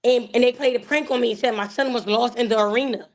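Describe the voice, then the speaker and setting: A woman, a guest telling an emotional personal story in an animated way, acting out the voices she quotes. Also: fairly high pitch, fast talker, a crowd in the background.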